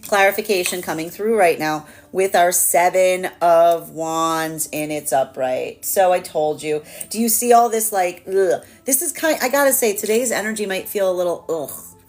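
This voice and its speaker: A woman giving a live tarot reading in a chatty, animated way, with lots of fillers and laughter. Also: fairly low pitch, normal speed. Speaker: tarot reader.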